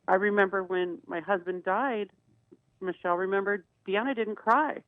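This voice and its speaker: A woman's voice: medium pitch, fairly even intonation, moderate pace, no room sound, phone-quality sound. Woman co-host with a dry, phone-thin sound. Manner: earnest, storytelling, many restarts. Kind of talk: casual radio talk.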